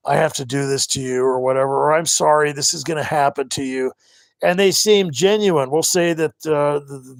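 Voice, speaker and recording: A middle-aged man hosting a live stream, talking casually and rambling with many halting restarts. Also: fairly high pitch, no room sound. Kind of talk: casual livestream monologue.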